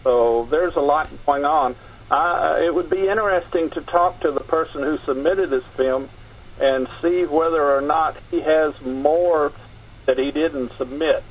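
A man from Kentucky, calling in to a radio show and chatting in a relaxed way. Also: fairly high pitch, a little slow, slight background noise. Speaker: caller. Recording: lo-fi phone line.

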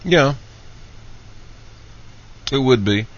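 A man's voice: mid-range voice, animated, very slow. A man hosting a call-in radio show, steadily taking calls and reading out listener questions. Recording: dull lo-fi radio sound.

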